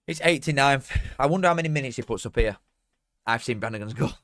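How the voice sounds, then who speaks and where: A man's voice: mid-range voice, lively intonation, fast talker, dry recording. A young man, casually commentating on a live match and bantering with chat. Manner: banter with chat, swings from mutters to shouts. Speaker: watchalong streamer.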